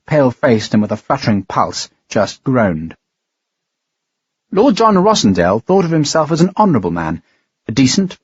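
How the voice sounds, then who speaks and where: A man narrating an audiobook in a steady, measured reading. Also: mid-range voice, breathy edge, dry recording, dull audio. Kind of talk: scripted narration.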